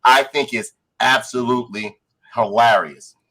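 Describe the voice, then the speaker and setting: A man on a casual podcast, retelling a show with lively energy. He jumps into the characters' voices mid-story and swears freely, with a mid-range voice that sounds natural and unforced. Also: mid-range voice, unhurried, rough recording. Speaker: podcast co-host. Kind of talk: casual chat reviewing a show.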